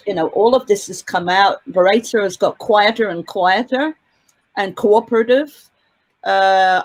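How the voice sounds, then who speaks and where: A woman's voice: lowish voice, a little mellow, rough recording. Woman talking in long rambling sentences. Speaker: trial observer giving an interview. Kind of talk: casual spoken commentary. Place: outdoor vigil.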